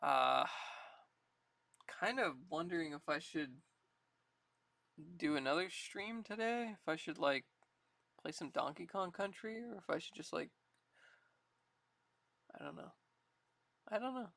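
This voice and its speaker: A live streamer talks to viewers in an easygoing, unhurried way, thinking out loud and laughing often. The voice sounds slightly out of breath, bright and sharp, and the sound is dry, with no room echo. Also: medium pitch, animated, creaky. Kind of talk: casual live-stream chat.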